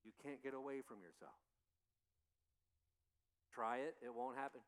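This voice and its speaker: A man's voice: mid-range voice, normal speed. A male pastor preaching a sermon in a conversational way, often repeating rhetorical questions to the congregation. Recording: long reverb of a large hall.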